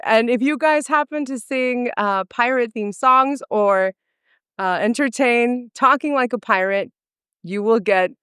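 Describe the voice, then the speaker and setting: Casting: upbeat, giggly woman, very clear voice, dry close mic. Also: on the high side, a bit bright, dry recording. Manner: giggly, upbeat, laughs often. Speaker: event host and co-organizer. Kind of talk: casual chat.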